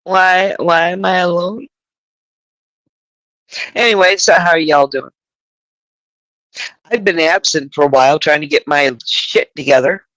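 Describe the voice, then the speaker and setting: Woman livestream host, slow unhurried talk, dry close sound, profane, rambling. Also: on the low side, a bit bright, no room sound, low-quality recording. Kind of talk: casual livestream chat.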